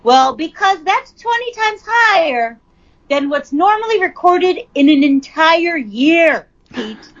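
Chatty, swearing woman with a lively voice. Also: extremely high pitch, takes it slowly, lo-fi sound. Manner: chatty, profane, reads news then riffs on it. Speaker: commentator. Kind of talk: casual news commentary.

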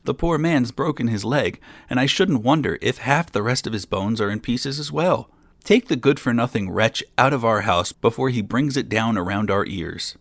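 A man voicing a frantic, shrill village woman who accuses loudly in a raised voice. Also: very animated, moderate pace, creaky, few pauses, slightly rough, no echo, exaggerated voice. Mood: outraged.

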